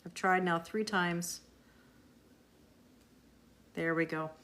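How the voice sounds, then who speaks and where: A woman's voice: lowish voice, steady tone, slow pace, a bit bright. A woman hosting a tarot live stream, chatting casually with viewers, answering their comments and laughing often. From Canada.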